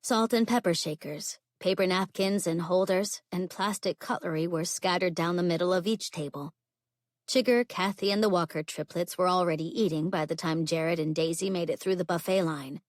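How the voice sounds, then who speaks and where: A woman's voice: on the low side, normal speed, no echo, studio quality. A woman narrating a contemporary romance audiobook, reading steadily and drawling the characters' lines. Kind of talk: scripted narration.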